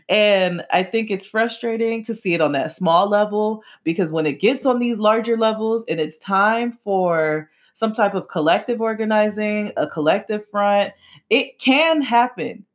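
Young woman podcast host, blunt commentary, emphatic with sharp high jumps, slangy and swearing. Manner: casual slangy talk with swearing.

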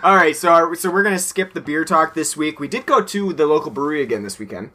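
A man co-hosting a podcast in relaxed casual chat, laughing often and trailing off with fillers. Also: on the high side, quick pace. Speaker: podcast co-host.

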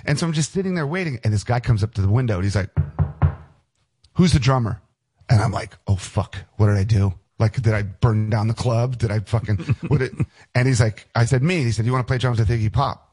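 Husky, profane man telling stories. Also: mid-range voice, fast. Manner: profane, animated storyteller. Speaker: guest musician. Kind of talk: casual storytelling.

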